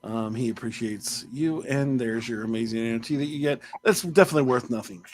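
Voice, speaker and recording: A man's voice: medium pitch, a little fast. A man hosting a podcast, chatting casually with playful, self-mocking jokes and rambling asides. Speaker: podcast host. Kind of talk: casual interview chat.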